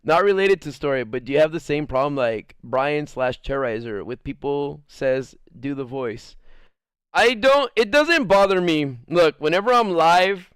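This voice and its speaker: A man's voice: a little high, big pitch swings, moderate pace, fairly bright tone, clear, resonant tone, no room sound, clean studio sound. A man streaming live, telling rambling stories to his chat and acting out quotes in jumping voices, with a lot of swearing. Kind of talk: casual storytelling to live chat.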